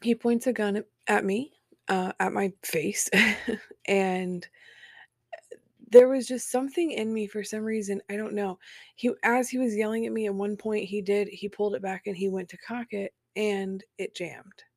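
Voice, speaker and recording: Woman, personal storytelling, candid, dry humor, gravelly fry, dry close sound. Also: mid-range voice, fairly even intonation, normal speed, dry recording. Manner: candid, matter-of-fact with dark humor. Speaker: guest telling her own story.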